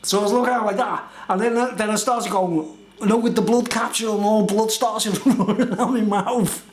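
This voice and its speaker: Middle-aged male vlogger, high-pitched, loose rambling storyteller, echoey room. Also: fairly even intonation, fairly quick. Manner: chatty, laughs often, fills with "you know what I mean".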